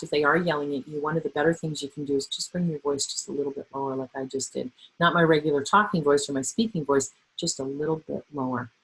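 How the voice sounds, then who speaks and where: A middle-aged woman presenting a webinar, talking in a lively, conversational way and acting out quoted voices. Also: deep voice, breathy edge, poor audio. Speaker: webinar presenter on workplace bullying. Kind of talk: webinar talk.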